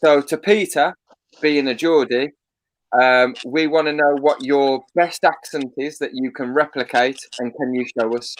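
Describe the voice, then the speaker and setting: A man's voice: mid-range voice, fairly even intonation, unhurried, no room sound, rough recording. A man chatting on a group video call, restarting his sentences and laughing often. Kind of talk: casual chat.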